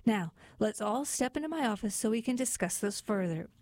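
A woman voicing a smooth, scheming male fox lawyer in a storybook, with slick sales patter. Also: mid-range voice, lively intonation, brisk, darkish tone, no room sound, natural voice.

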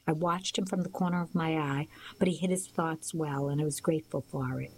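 A woman narrating a first-person novel as an audiobook, in a steady storytelling manner. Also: low-pitched, a little fast, a little hiss or hum, rough recording.

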